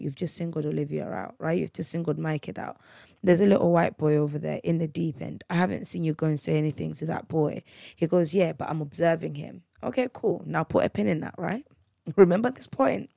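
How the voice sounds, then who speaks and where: A woman's voice: sits low, vocal fry, darkish tone, no echo, studio quality. A woman, casually retelling a dispute on a podcast and acting out both sides of it. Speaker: podcast host. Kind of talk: casual storytelling.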